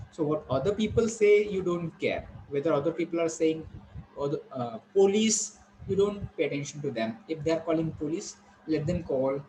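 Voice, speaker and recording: A man's voice: a little high, a little hiss or hum, low-quality recording. A man with an Indian accent teaching English pronunciation, repeating words and coaxing students to check dictionaries. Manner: repetitive, coaxing, drills words aloud. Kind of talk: online pronunciation lesson.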